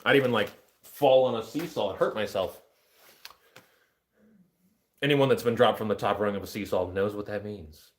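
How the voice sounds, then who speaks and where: A man's voice: lowish voice, steady tone, moderate pace, pauses often. A man in his thirties chatting casually on a livestream, joking, self-deprecating and easily distracted. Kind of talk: casual rambling livestream chat.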